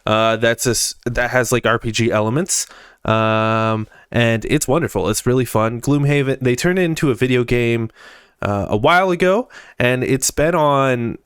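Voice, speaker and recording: A man's voice: mid-range voice, moderate pace, clean tone, no room sound, studio quality. A young man hosting a podcast, chatting casually and enthusiastically about gaming news, with frequent fillers. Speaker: podcast host.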